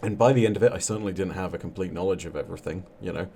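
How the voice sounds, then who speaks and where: Deep mellow guy on a podcast, reflective, lots of "you know", dark warm tone. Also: gravelly, slight background noise. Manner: reflective, many fillers, measured storytelling. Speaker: guest lore storyteller. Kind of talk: casual podcast interview.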